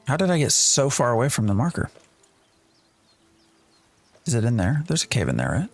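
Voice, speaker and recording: A male streamer with a gravelly, slightly husky voice, talking his way through a game and bantering with chat. His speech is casual and loose, and soft music plays faintly behind him. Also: mid-range voice, huge pitch swings, moderate pace. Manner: chatty, thinks aloud, reacts to chat. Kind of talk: live gameplay commentary.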